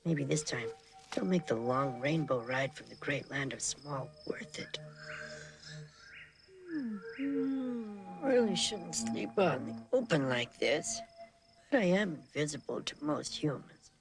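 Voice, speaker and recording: An actor playing a small magical male visitor from a tiny land, musing to himself in a gravelly, half-whispered voice over film music. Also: a little high, animated, measured pace, pauses often. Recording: film soundtrack with music behind.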